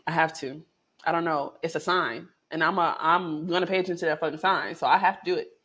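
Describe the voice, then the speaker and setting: A woman vlogger telling a personal story in a lively, chatty way, with lots of swearing and big swings in pitch and volume. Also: fast talker, slightly rough. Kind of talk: casual storytelling to camera.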